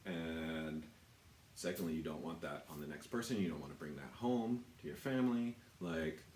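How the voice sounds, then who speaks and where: With a darkish bass voice at a moderate pace, an American tattoo artist gives a casual walkthrough of his shop's supplies. He's rambling, self-deprecating, and heavy on swearing. The recording sounds roomy, with slight background noise.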